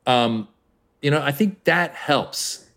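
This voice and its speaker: Animated man telling comedy stories. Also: on the high side, takes it slowly, vocal fry. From Iran. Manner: animated storyteller, jumps into voices. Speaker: comedian guest. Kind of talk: podcast interview.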